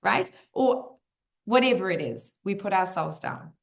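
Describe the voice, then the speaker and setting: A woman hosting a community Q&A, talking to a live group in an animated, playful way. She keeps checking in with her listeners and turns soft and slow for reflective moments. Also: medium pitch, gravelly. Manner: drops to a soft, slow, hushed voice for reflective passages. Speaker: community Q&A host, personal growth speaker.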